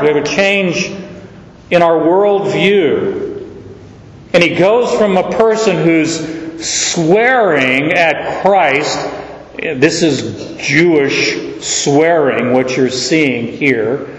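A man preaching in a church sanctuary, reading verses aloud and explaining them with slow, unhurried earnestness. His voice sits a little high for a man and rings out with a long, echoey reverb. It sounds as if it is picked up from a distance across a large room. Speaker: pastor. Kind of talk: sermon.

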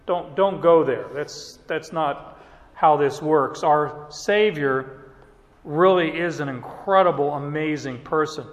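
A man delivers Bible teaching in an unhurried, measured way, his voice sitting a little high for a man. He keeps the tone conversational and drops in little chuckles between points. The sound carries a long, roomy reverb, as if recorded in a large hall. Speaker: preacher.

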